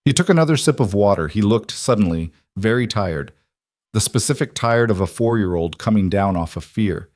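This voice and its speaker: Male narrator for a dramatic story, low pitch, measured, dry. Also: expressive, darkish tone, no room sound.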